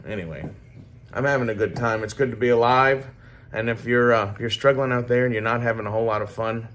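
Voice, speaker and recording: A man with a medium-pitched, fairly bright voice talks quickly with lively intonation. A hobby swordsmith vlogger, he gives a rambling, laid-back workshop project update, swearing freely as he chats.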